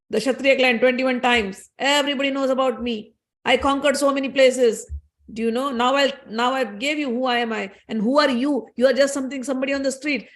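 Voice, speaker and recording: A woman's voice: high voice, pitched above the performer's own voice, lightly acted. A woman voicing an arrogant, furious male warrior sage, boasting and scolding as she retells a scripture story.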